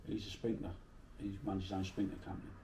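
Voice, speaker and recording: A man's voice: deep voice, little pitch movement, fast talker, dark tone, reverberant, far from the mic, slight background noise. A middle-aged man from Bermondsey with a South London accent, telling salty stories in a casual interview. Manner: chatty, salty, swears freely while telling anecdotes.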